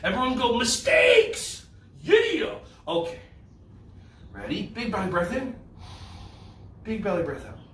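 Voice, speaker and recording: A man's voice: high voice, sing-song, normal speed, long pauses, roomy sound, distant mic, slight background noise. A man from New Jersey with a New Jersey accent, leading a playful children's yoga class indoors and cheering the kids on. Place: indoor room.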